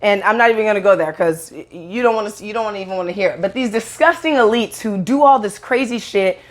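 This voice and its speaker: A woman's voice: medium pitch, quick pace. Woman, casual monologue, blunt and profane, rambling, heated. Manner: rambling with restarts, acts out quoted voices. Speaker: online video host.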